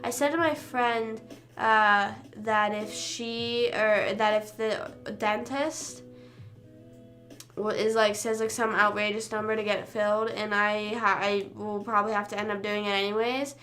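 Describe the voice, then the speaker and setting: A woman's voice: mid-range voice, fairly even intonation, unhurried, a bit bright, soft background music. A young woman streamer rambling casually to her live chat, self-deprecating and often trailing off. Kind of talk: casual chat with livestream viewers.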